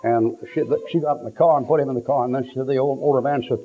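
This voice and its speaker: A man preaching a sermon, telling folksy stories and acting out the people in them, sometimes shouting for effect. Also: medium pitch, brisk, long pauses. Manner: folksy storytelling, acts out quotes, shouts for effect. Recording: tinny lo-fi phone-like sound.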